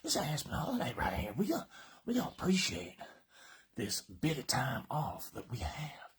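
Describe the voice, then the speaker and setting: A man's voice: medium pitch, wildly swooping pitch, moderate pace, slightly rough. A man from Colorado hosting a live workout, joking around in casual banter and slightly winded from exercising. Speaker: fitness host.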